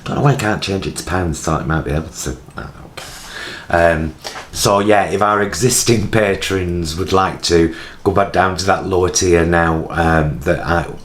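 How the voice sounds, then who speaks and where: A British man in his forties vlogs from his home kitchen on his vlogging camera, chatting casually to camera in a rambling, self-mocking way. His voice is low-pitched at normal speed, with slight background noise.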